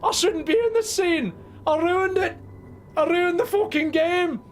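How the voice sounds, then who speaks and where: A man voicing a cheerful male talking cat, squeaky and shrill, meowing between exclamations. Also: unhurried, slight background noise. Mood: squeaky excited.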